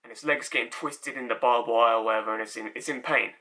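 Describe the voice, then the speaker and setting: Male comic monologuist, sardonic and rambling, very bright timbre. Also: medium pitch, steady tone, fast talker. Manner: rambling, sardonic, repeats himself. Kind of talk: stand-up style monologue.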